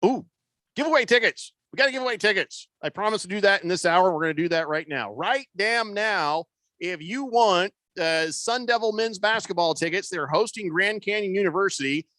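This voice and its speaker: A man's voice: sits high, lively intonation, brisk, bright, forceful tone, no room sound. A man hosting a sports radio show in casual chat, rambling loosely with plenty of fillers and restarts. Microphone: studio microphone.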